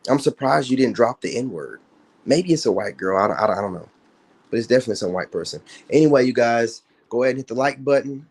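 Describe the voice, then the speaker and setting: A man's voice: medium pitch, animated, quick pace, husky. A man ranting on his livestream in a taunting, boastful way, with slangy, profane talk. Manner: taunting, trash-talking, boastful. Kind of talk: casual livestream rant.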